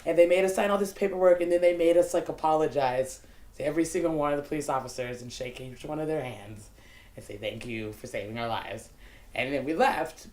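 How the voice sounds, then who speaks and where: A woman's voice: sits low, fairly quick, echoey room. A woman telling a personal story off the cuff, in casual speech full of "like" and the odd curse word. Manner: casual, animated, peppered with "like" and profanity. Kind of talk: unscripted personal anecdote.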